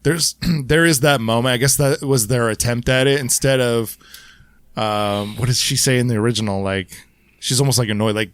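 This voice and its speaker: A man co-hosting a casual podcast, talking in a relaxed, agreeable way. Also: mid-range voice, normal speed, clean tone, no echo, studio quality. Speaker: podcast co-host.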